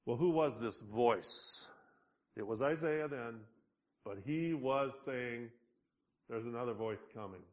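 Slow, emphatic preaching man. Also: medium pitch. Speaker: pastor. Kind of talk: sermon.

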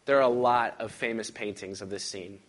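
A male pastor preaching a sermon and reading scripture aloud, pressing hard on key words and then dropping to hushed, quiet lines. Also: lowish voice, moderate pace. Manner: emphatic, swings from loud stresses to hushed lines.

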